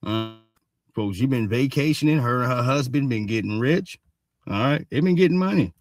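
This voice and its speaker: A man holds forth on the news in a blunt, profane, loose way, tagging almost every thought with a quick "all right?" His voice sits in an ordinary middle pitch and sounds close and dry, with no room around it. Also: expressive, no room sound. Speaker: show host. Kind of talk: casual news commentary stream.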